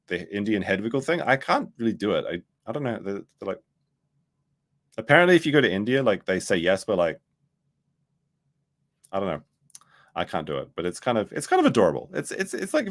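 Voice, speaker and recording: A man with a low voice doing casual streamer commentary. He rambles, swears freely and loses his place mid-sentence. His pitch swings widely as he talks. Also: very animated, fast talker, a bit bright. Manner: rambling, profane, loses his train of thought.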